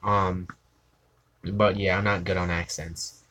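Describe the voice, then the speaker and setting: A man's voice: low voice, little pitch movement, slow, sharp tone. A young man from Maryland, chatting casually and rambling while he draws on a stream, often laughing and humming nonsense sounds. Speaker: art streamer. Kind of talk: casual chat while drawing.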